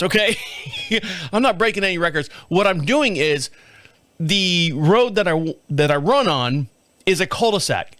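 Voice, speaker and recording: A middle-aged man with a drawl hosts his own show, swearing freely and poking fun at himself as he rambles. His voice sits a touch high for a man. The sound is dry and close, with no room around it. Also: fairly bright tone, no room sound. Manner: rambling, profane, self-mocking storytelling with frequent laughs. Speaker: podcast host. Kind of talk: casual solo chat.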